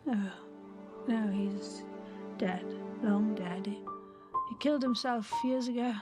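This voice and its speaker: An actress playing a lonely, haunted girl who talks softly and hesitantly. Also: medium pitch, takes it slowly, over loud music, natural voice. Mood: troubled. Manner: soft and hesitant, fearful.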